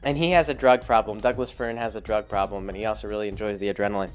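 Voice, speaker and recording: A man's voice: on the low side, steady tone, quick pace, clean tone, faint music behind. A man vlogging a casual, rambling movie recap with lots of jokes, fillers and self-corrections.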